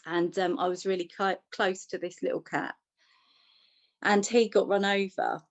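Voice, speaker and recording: A woman's voice: mid-range voice, steady tone, unhurried, no room sound, highs cut off. A woman telling personal stories in a chatty way, with humour and restarts. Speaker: podcast co-host. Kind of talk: personal storytelling in a conversation.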